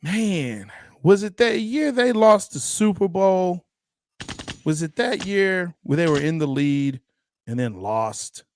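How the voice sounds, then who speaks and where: A man's voice: high voice, lively intonation, slow pace, darkish tone, slight background noise. A man hosting a sports podcast in casual chat, teasing and laughing often. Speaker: podcast host.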